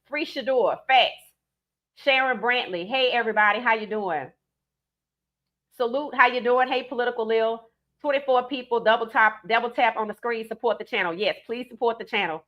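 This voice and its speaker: A woman with a New Orleans accent hosting a live stream, giving emphatic, animated commentary and reading out viewer comments. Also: a little high, moderate pace, lo-fi sound.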